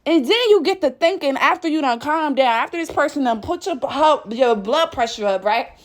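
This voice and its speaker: A woman vlogger in a casual monologue rant, blunt and profane, telling everyday stories with animated energy. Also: high voice, a little fast.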